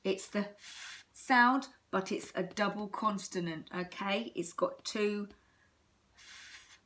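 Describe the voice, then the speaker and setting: An English woman teaching young children a phonics lesson, slow, sing-song and encouraging, stretching words out. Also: mid-range voice, a bit bright. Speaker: primary school teacher.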